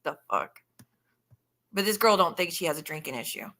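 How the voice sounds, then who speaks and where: Bright, blunt woman livestreaming. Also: lowish voice, animated, fast talker. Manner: blunt and profane, chatting with viewers while scrolling. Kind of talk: casual live-stream commentary.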